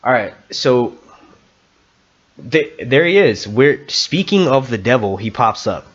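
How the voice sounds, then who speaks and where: A man's voice: medium pitch, sing-song, slow. Dude rambling on his live stream, cursing, restarting sentences, kinda muffled audio. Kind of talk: casual live-stream chat.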